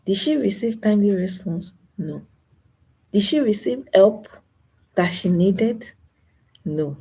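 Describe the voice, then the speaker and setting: A woman's voice: mid-range voice, animated, takes it slowly, mellow, slight background noise. A young woman hosting a live stream, talking about loss in a grieving way, sighing and repeating herself. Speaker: channel host. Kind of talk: emotional live stream talk.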